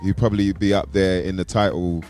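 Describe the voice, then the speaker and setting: A man talks through his fight pick in a relaxed, slangy way. His voice sits low, and faint music runs in the background. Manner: laid-back, slangy, quick interjections. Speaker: MMA show co-host. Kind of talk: casual fight-pick chat.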